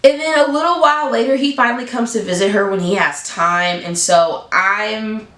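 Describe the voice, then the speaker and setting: A woman vlogger telling a story in a casual, blunt, animated way, leaping up in pitch for emphasis. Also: normal speed, roomy sound.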